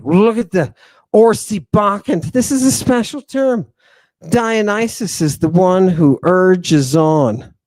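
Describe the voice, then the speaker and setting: A man's voice: a little mellow, no room sound. A man hosting a talk, lecturing emphatically to his audience and peppering it with rhetorical questions. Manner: emphatic, repeats rhetorical questions like "do you understand" and "right"; drawn-out stresses, swings between low murmurs and raised exclamations. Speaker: podcast host lecturing on ancient texts. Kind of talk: animated lecture to a live audience.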